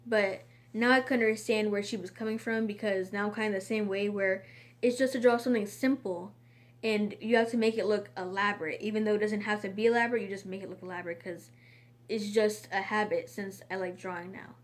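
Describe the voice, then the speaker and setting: A woman's voice: medium pitch, steady tone, fairly quick. A woman in a casual storytime monologue, rambling and chatty, with frequent fillers and restarts. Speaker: vlogger.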